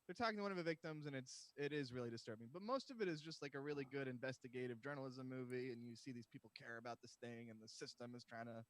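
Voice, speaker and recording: A man's voice: medium pitch, fast talker, hardly any pauses, fairly bright tone, no room sound. A young man from Massachusetts co-hosting a comedy podcast, rambling and self-deprecating in casual chat. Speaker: podcast co-host.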